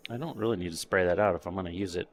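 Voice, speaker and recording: A man's voice: sits low, racing, a little hiss or hum. A man chatting casually on a live stream while painting a model kit, muttering to himself and trailing off. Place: home workshop.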